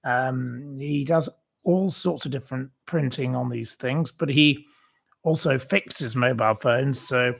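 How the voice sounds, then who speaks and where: A man's voice: medium pitch, unhurried, vocal fry, a bit bright. A man hosting his own channel, chatting casually to viewers and telling a rambling anecdote full of fillers and restarts. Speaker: channel host. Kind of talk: casual livestream chat.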